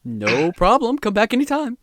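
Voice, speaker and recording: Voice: medium pitch, huge pitch swings, moderate pace, dry recording, studio quality. A game master doing a flustered, stammering townsman.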